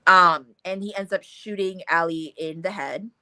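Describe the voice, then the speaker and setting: A woman co-hosting a casual book discussion, talking in an animated way, swearing freely and acting out scenes in quotes. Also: fairly low pitch, measured pace, no room sound. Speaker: book club co-host.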